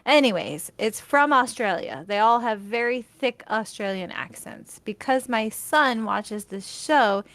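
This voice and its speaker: A woman's voice: a little high, lively intonation, a bit bright. A woman in her thirties co-hosting a live stream in casual, self-deprecating chat. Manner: chatty, self-deprecating, quick to laugh. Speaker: co-host.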